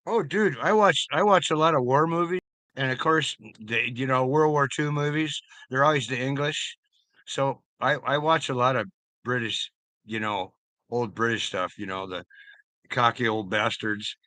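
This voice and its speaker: A man's voice: mid-range voice, normal speed, sharp tone, no echo. A man streaming live, chatting loosely with viewers, rambling and swearing freely. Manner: rambling, profane, talks to chat by name. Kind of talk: casual live-stream chat.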